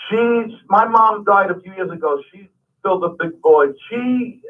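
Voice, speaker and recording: A man's voice: sits high, unhurried. A man who is a comedian guest, talking animatedly and emphatically in a radio interview. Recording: tinny phone-like radio sound from the mic's distance.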